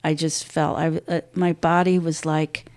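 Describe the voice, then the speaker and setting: Older woman guest, halting emotional storytelling, darkish low voice, dry mic. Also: flat delivery, dry recording. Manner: halting, restarts often, voice drops low and soft at painful moments. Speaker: podcast guest.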